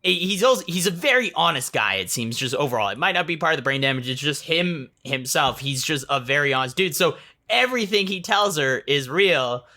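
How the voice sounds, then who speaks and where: A man's voice: on the high side, lively intonation, brisk, pushed and bright. A man co-hosting a casual podcast, talking in loose rambling sentences and acting out quotes from a film. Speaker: podcast co-host. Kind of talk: casual chat.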